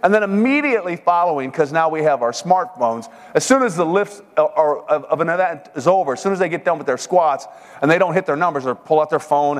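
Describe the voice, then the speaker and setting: A middle-aged man giving a folksy, joking sermon-style talk at a men's seminar. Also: fairly high pitch. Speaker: seminar speaker. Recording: long hall reverb.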